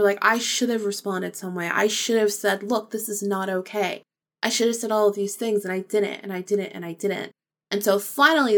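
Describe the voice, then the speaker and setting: A woman hosting her own podcast in a candid, conversational way. She leans on repetition for emphasis and drops the occasional swear word, her pitch sitting in an ordinary middle range. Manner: candid, emphatic, repeats phrases, swears freely. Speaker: podcast host. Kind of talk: casual personal storytelling.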